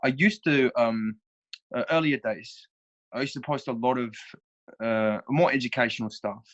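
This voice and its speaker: A man's voice: mid-range voice, normal speed, a bit bright, highs cut off. An Australian man as an interview guest, laid-back and blunt, swearing casually.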